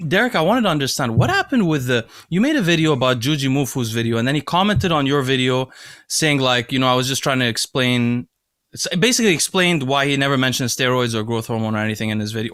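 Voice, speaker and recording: A man's voice: mid-range voice, very animated, fast, fairly bright tone, no echo, clean studio sound. A man hosting a podcast, asking curious questions in a casual way and laughing easily. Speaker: podcast host. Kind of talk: casual interview.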